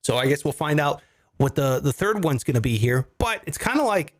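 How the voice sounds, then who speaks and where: A man's voice: fairly high pitch, a little fast, no room sound. A man co-hosting a comedy finance podcast, explaining with jokes and casual swearing. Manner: animated, jokey, swears casually. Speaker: co-host.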